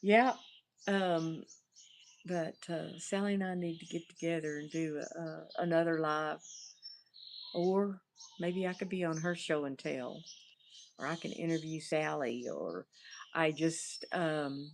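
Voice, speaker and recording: A middle-aged woman with a Southern accent hosts a casual livestream. Her voice sits low and her talk moves slowly. She rambles freely, riffing and reading viewers' comments aloud. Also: gravelly, slight background noise. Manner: rambling, riffs without a topic, reads viewer comments. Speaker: livestream host and therapist. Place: outdoors.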